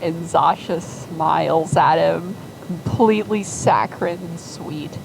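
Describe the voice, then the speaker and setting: Slow, rambling woman storyteller. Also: lowish voice, steady tone, gravelly, background noise. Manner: filler-heavy, rambling.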